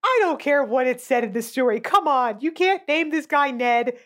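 A woman's voice: high-pitched, animated, moderate pace. Blunt, sweary woman podcast co-host. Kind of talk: casual movie chat.

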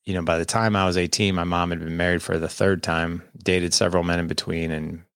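A deep-voiced man tells a personal story in a candid, conversational way. His voice has a gravelly, fry-heavy texture, and the sound is dry and close. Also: little pitch movement, brisk, a bit bright, no room sound. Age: 40s. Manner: candid, conversational, quotes people in dialogue. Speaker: guest. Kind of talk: personal storytelling in a podcast interview.

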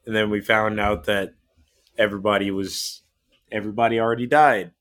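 A man co-hosting a podcast in casual chat, excitable, laughing often, quick to swear and exaggerate. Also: fairly low pitch. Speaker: podcast co-host.

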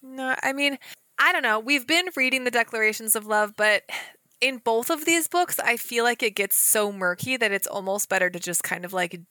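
Bright, higher-voiced woman co-host. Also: normal speed, no room sound, studio quality. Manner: animated, enthusiastic. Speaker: podcast co-host. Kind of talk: casual book chat.

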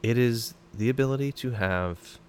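A man's voice: mid-range voice, normal speed, a little hiss or hum. A man, a former special operations soldier, talking as a podcast guest in a blunt, profane, fired-up way. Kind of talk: casual podcast conversation.

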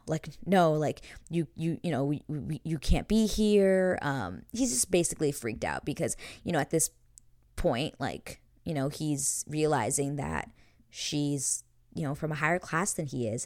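Low-voiced chatty young woman. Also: dry recording, studio quality. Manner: chatty, peppered with "like" and laughs. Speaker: show host. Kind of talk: casual episode recap.

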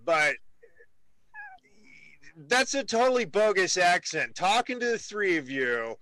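A man's voice: sits high, big pitch swings, measured pace, bright, forceful tone, dry recording. A man hosting a casual interview, rambling and joking with many restarts. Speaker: radio host.

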